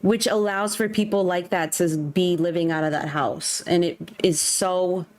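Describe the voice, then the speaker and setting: A woman's voice: on the low side, steady tone, a little slow, darkish tone. A young woman livestreaming from home, ranting bluntly in casual chat with faint music behind. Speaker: streamer. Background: faint background music.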